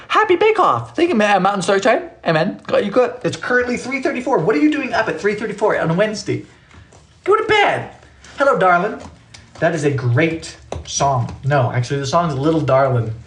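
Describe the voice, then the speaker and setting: A young adult baking on a live stream, chatting casually and reading out messages from viewers. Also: slight background noise. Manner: chatty, reads out and answers chat messages; animated, sudden high exclamations. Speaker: livestreamer.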